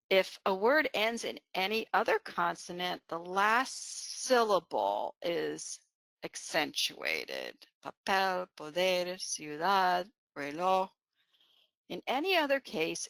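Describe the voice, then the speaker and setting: A woman's voice: on the low side, creaky, sharp tone, no echo. A woman presenting an online teaching session, explaining patiently with many fillers and "right?" check-ins. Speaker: webinar presenter on bilingual education.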